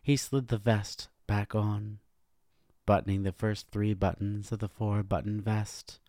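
Slow, gravelly male storyteller. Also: lowish voice, little pitch movement, dark tone, no room sound, clean studio sound. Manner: slow, measured and deliberate. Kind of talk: scripted narration.

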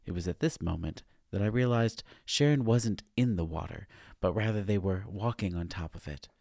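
A man narrating a first-person story in a measured, even reading. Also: sits low, vocal fry, no echo, studio quality.

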